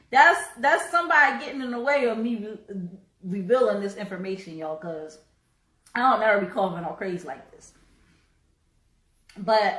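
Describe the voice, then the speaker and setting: A woman hosting a live stream, talking earnestly with halting restarts and repeated words, choked up and coughing now and then. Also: medium pitch, fairly bright tone, roomy sound, poor audio. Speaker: host.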